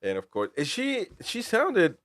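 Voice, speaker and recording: A man's voice: high voice, huge pitch swings, unhurried, fairly bright tone, dry recording, studio quality. A man hosting casual football talk, rambling with restarts and throwing in "man". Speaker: host.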